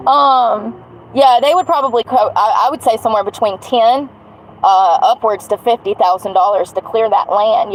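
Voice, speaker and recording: A woman's voice: mid-range voice, slight background noise, poor audio. A woman venting bluntly on a livestream, swearing as she rants. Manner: angry, blunt, swearing rant. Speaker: vlogger.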